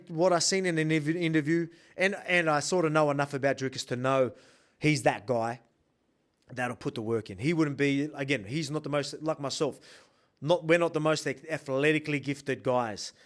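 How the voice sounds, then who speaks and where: A man in his thirties with an Australian accent, a professional fighter giving a casual, rambling, emphatic breakdown of a bout. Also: a little high. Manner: emphatic and rambling, with many restarts.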